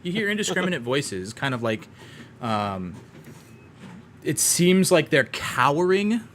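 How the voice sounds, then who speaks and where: A man's voice: a little high, sing-song, a little slow, fairly bright tone, a little hiss or hum. A man narrating a tabletop game as game master, in a loose, rambling way full of fillers.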